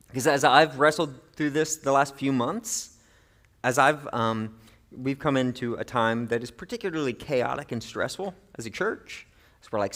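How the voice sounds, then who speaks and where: A middle-aged male pastor giving a sermon in an animated, conversational way, with playful asides. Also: mid-range voice.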